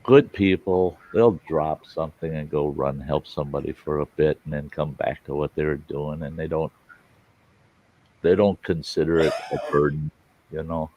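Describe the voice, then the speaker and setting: With a rumbling low, slightly mellow voice, steady in tone and moderate in pace, a man hosts a live storytelling stream. He chats casually, wanders through folksy anecdotes, and acts out people's lines, though the lo-fi audio sounds dull.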